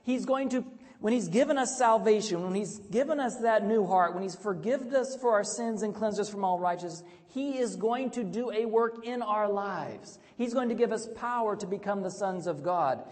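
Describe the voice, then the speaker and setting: A man's voice: high voice, moderate pace. Man preaching in a reverberant hall. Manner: swings from quiet and intimate to loud and emphatic, asks the audience questions. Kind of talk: evangelistic sermon. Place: church hall with tables.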